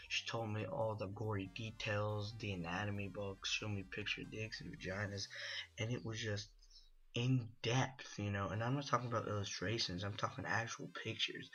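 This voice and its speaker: Young guy rambling through a story, lots of you know, low-ish bright voice, faint music behind. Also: fairly even intonation, moderate pace, muffled recording. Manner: rambling, full of "you know" and "like", laughs at his own story. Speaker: gaming video host. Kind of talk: casual storytelling over gameplay.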